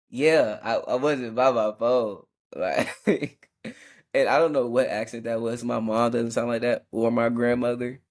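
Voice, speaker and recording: A man's voice: mid-range voice, steady tone, measured pace. A young man hosting a faith podcast, reflecting in a casual, slangy way with frequent restarts and self-corrections. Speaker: podcast host.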